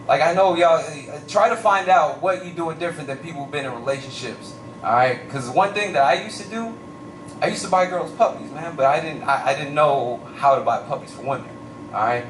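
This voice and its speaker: A young man with a fairly high voice tells stories animatedly on a comedy stage and keeps slipping into voices. He sounds roomy and far from the mic, and a faint hum of the venue sits behind him. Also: fairly quick. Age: young adult. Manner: animated storytelling with lots of voices and shouts. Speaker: stand-up comedian. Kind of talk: stand-up comedy set.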